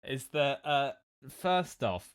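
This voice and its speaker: A man hosting a casual podcast chat, halting with lots of "uh" and often laughing. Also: medium pitch, big pitch swings, clear, resonant tone, no room sound, studio quality. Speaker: podcast host.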